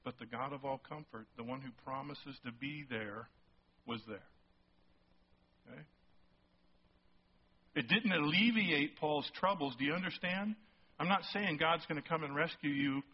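A male pastor preaching a sermon, emphatic and rising toward near-shouts on key points, often checking in with the congregation. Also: medium pitch, slight background noise. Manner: asks the congregation frequent check-in questions. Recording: slightly muffled sermon recording.

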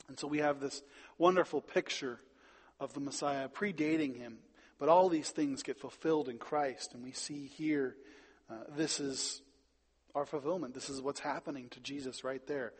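A man preaching a sermon, stressing words loudly and then dropping quiet. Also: mid-range voice, normal speed, slightly rough, in a large hall. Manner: emphatic, swings between loud stresses and quiet drops. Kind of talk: sermon with Bible reading.

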